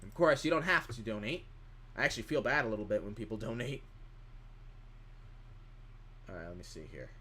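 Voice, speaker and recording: Lively, bright-voiced male streamer. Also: lowish voice, brisk, long pauses, slight background noise. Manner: rambling, reads chat questions aloud and answers them. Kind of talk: casual live-stream chat.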